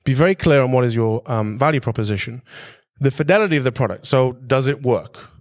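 A man's voice: medium pitch, brisk, a little mellow. A man giving a business presentation in a direct, conversational way. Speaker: speaker giving a business talk.

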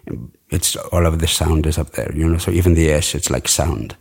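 Middle-aged male dialect coach, very low voice, chatty and rambling. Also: fairly quick, creaky, breathy edge. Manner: enthusiastic, rambling, demonstrates sounds. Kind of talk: casual interview chat.

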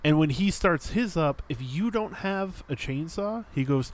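A man's voice: high voice, expressive, moderate pace, few pauses. A man co-hosting a casual podcast, explaining a game in a rambling way with many fillers. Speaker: podcast co-host. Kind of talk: casual chat.

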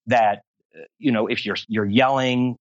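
A man's voice: medium pitch, fairly even intonation, normal speed, no room sound. Long-winded man in a dull dry recording. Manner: rambling, long-winded, self-deprecating humor. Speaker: voice actor interview guest. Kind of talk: casual interview talk.

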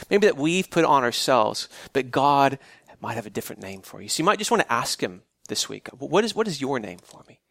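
A man's voice: medium pitch, gravelly, fairly bright tone, no room sound, clean studio sound. A man preaching a sermon in a conversational way, often restarting his phrases as he works through a Bible story. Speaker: pastor.

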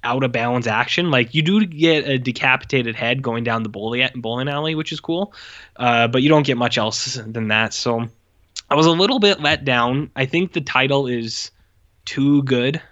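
Casual male podcast host, rambling and laid-back, bright edge, lo-fi recording. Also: medium pitch, normal speed. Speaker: podcast host reviewing movies. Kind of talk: casual chat.

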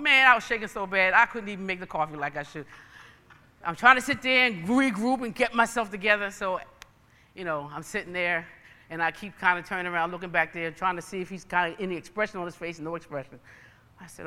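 A woman's voice: mid-range voice, fast, sharp tone, long reverb tail. A woman preacher giving a sermon with personal testimony, emphatic and folksy in her storytelling.

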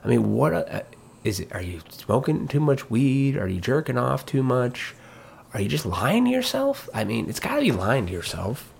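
A man's voice: mid-range voice, sing-song, moderate pace, gravelly, darkish tone, a little hiss or hum. A man ranting bluntly in a casual monologue, swearing freely and mocking others in put-on voices. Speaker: commentator.

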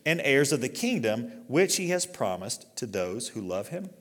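A middle-aged male pastor preaching a sermon in a relaxed, conversational way, with fillers and restarts, and rising in force when he reads scripture aloud. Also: mid-range voice, normal speed, few pauses. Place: church sanctuary. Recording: long reverb of a church hall.

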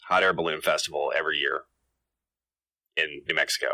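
A man hosting a gaming podcast, speaking casually in a relaxed, hesitant way with many fillers. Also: very deep voice, brisk, dry recording. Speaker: podcast host.

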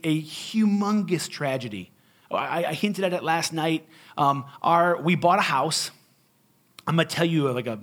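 A male pastor preaching in a conversational storytelling style, animated and joking, with emphatic swings between loud and quiet. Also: sits high. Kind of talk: storytelling sermon.

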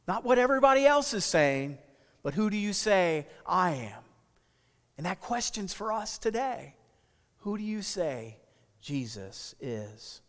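A man preaching a sermon as pastor, earnest and emphatic, slowing down to stress key phrases. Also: high-pitched, long reverb tail.

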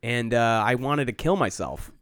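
A man's voice: mid-range voice, animated, moderate pace, a bit bright, clean tone, no room sound, studio quality. A man chatting casually and jokingly, now and then slipping into silly voices. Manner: jokey, slips into silly put-on voices. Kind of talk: casual comedic chat.

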